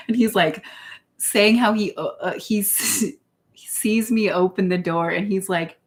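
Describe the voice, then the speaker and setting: In a casual rambling monologue, a woman vlogger meanders along, full of fillers and restarts, giggling often between phrases. Her voice is medium in pitch and a little slow.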